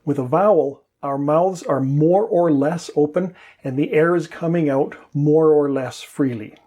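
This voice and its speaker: Man, English teacher, husky tone, higher pitch, calm demonstrating explanations. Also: a little slow. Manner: patient, step-by-step explaining with demonstrations.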